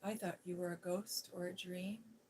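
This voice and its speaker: A woman voicing a sullen, sickly little boy in a storybook, keeping close to her own soft voice. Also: fairly low pitch, fairly even intonation, normal speed, a little hiss or hum, lightly acted, poor audio. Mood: resentful.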